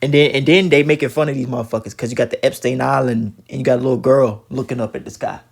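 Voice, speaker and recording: A man's voice: medium pitch, steady tone, quick pace, gravelly, slightly rough. A man giving profane, preachy religious commentary while reacting to a video, talking emphatically with many stammered restarts.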